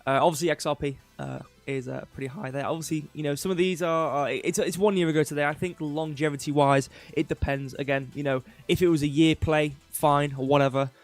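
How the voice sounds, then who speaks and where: A man's voice: fairly high pitch, steady tone, brisk, few pauses, faint music behind. A young man hosting a casual crypto livestream, rambling with lots of fillers and offhand jokes. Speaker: crypto news host.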